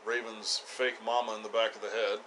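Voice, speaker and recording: A man co-hosting a podcast, recapping a TV episode in casual chat with dry, deadpan teasing. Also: on the low side, fairly quick, a little hiss or hum, low-quality recording. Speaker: podcast co-host.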